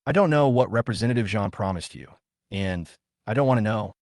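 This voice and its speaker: A man's voice: on the low side, expressive, fairly quick, darkish tone, no echo, clean studio sound. A man voicing a cold, businesslike woman executive who speaks in a curt, formal, matter-of-fact way in a story recap.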